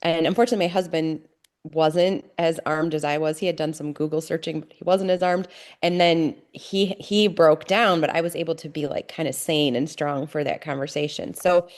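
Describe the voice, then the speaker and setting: With a lowish voice, a middle-aged woman tells a podcast about her family, speaking candidly. She's earnest yet halting and keeps restarting her thoughts.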